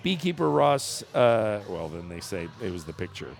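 A man's voice: lowish voice, big pitch swings, moderate pace, vocal fry, faint music behind. A man co-hosting a casual chat, reading a news story aloud in a jokey way and laughing often. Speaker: podcast co-host.

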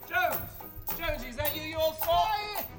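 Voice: sits high, expressive, moderate pace. Actor as a jovial Cockney comedian showing off his carriage, music underneath. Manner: jovial, hearty chuckling. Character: Cockney comedian man turned carriage driver, cheerful and boastful. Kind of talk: radio play acting on stage.

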